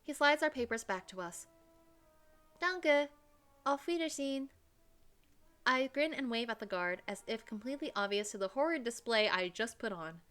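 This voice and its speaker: Woman as a brash young American woman, defensive and brisk; first-person game narration. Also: a little high, expressive, fairly bright tone, clean tone, faint music behind.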